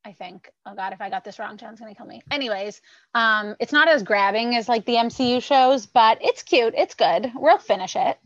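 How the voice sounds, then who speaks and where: A woman's voice: a little high, normal speed, no room sound. Chatty Canadian woman on a dull call line. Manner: chatty, teasing, animated storyteller. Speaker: podcast guest and mother. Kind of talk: casual chat. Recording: dull, dry remote call audio.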